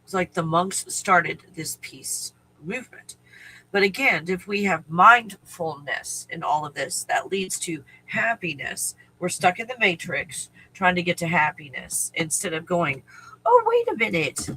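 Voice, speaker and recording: A man's voice: high-pitched, a little slow, bright, forceful tone, slight background noise, low-quality recording. A man hosting a casual spiritual live stream, rambling and restarting his thoughts, now and then breaking off to talk to his dog. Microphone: live stream microphone at home.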